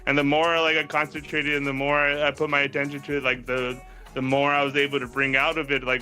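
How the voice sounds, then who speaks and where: A man's voice: mid-range voice, completely flat delivery, fast talker, bright, forceful tone, soft background music. A man telling a long story in casual chat, rambling with lots of "like", swearing and laughing as he goes. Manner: rambling, heavy use of "like", laughs often, swears freely.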